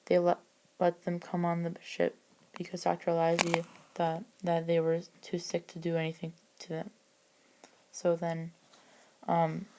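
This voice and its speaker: A woman reads her own adventure story aloud in a low, mellow voice. Her delivery stays flat and even, and she often stumbles and restarts mid-sentence. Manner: halting, with frequent restarts. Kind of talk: reading a homemade story aloud.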